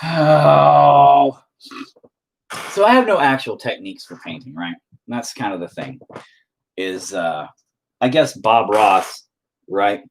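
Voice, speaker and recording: A gravelly, sing-song, mid-range voice moves at a slow pace with frequent pauses. The speaker paints on a livestream and reads his chat aloud, rambling casually, cursing, and joking at his own expense.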